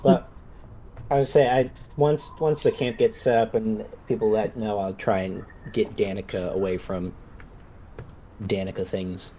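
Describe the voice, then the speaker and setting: A man playing a tabletop role-playing game, describing his character's actions in a relaxed, rambling way with lots of "like" and "you know". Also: on the low side, measured pace, slight background noise. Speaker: player. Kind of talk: casual tabletop play.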